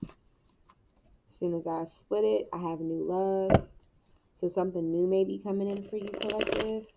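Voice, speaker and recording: A woman's voice: mid-range voice, fairly even intonation, a little slow, gravelly. Young woman, casual tarot reader, frank and laughing, muffled hissy recording. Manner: candid, laughs often, swears casually. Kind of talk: casual spiritual reading. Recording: muffled mic with noticeable hiss.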